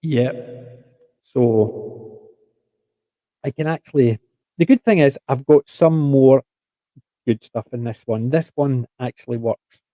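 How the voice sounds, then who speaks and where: A man's voice: medium pitch, slow, pauses often, dark tone, no echo. A man, a podcast co-host, rambling enthusiastically in casual chat.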